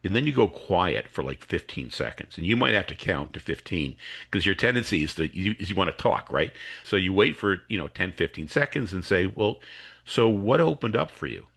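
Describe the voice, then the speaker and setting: Here the coach and educator talks a little fast, his low voice swinging widely in pitch, creaky and slightly rough yet fairly bright. As a podcast guest explaining a technique, he voices students and teachers in character.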